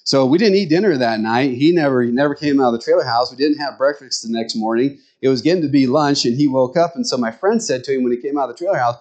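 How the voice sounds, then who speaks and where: A man's voice: mid-range voice, quick pace, few pauses, a little mellow, lo-fi sound. Folksy Nebraska-accented preacher man. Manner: folksy, rambling storytelling with restarts.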